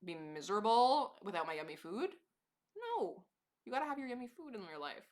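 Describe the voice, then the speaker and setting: A woman's voice: medium pitch, very animated, fairly quick, a little mellow. A woman live streamer chatting casually to her viewers, rambling and laughing often.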